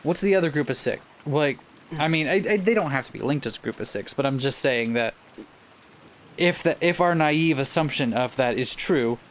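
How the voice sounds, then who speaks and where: A man reading a visual novel aloud for a let's play, then chatting about it in a relaxed, casual way. He trips over words now and then and carries on. A faint hiss of room noise sits under his voice. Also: on the high side, moderate pace. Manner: reads the script aloud, stumbles over words and laughs it off. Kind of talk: casual playthrough chat, reading game text aloud.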